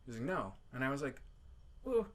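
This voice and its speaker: A man, a podcast guest, telling rambling, profane anecdotes in a casual, animated way. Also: medium pitch, racing. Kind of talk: casual storytelling.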